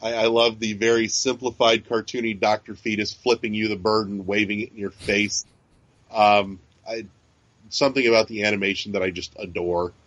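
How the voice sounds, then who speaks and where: Here a podcast co-host talks casually at a moderate pace, his low-ish voice showing little pitch movement and a fairly bright tone. He's chatty and profane, rambling with frequent fillers and restarts. No echo is present, but the sound is dull and lo-fi.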